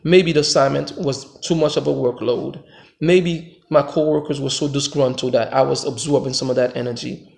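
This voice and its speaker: A man's voice: fairly even intonation, moderate pace, vocal fry. An American man and father giving an emphatic, preachy motivational monologue as a vlogger. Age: adult father. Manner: emphatic, preachy, swings between loud pushes and low reflective stretches.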